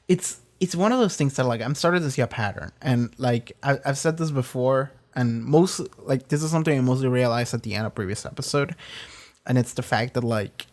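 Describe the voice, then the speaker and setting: Rambling, swearing man reviewing an episode. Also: medium pitch. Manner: rambling, many fillers and restarts, frequent swearing. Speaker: reaction video host. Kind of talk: casual spoken review.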